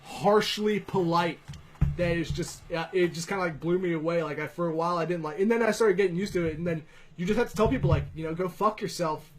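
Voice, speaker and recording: A man's voice: high voice, fast talker. A man, hosting a podcast and telling rambling, profane stories in casual chat. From Virginia. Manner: profane, rambling, laughing storyteller.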